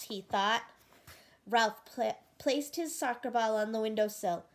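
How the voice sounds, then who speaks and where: A woman reading a picture book aloud, gently pausing to ask the listener questions about the story. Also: mid-range voice. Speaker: storybook reader.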